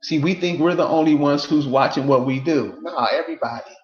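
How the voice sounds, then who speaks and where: A man's voice: on the high side, brisk, echoey room, muffled recording. A man delivering a casual, emphatic monologue to his viewers, repeating rhetorical questions over and over. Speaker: online commentator.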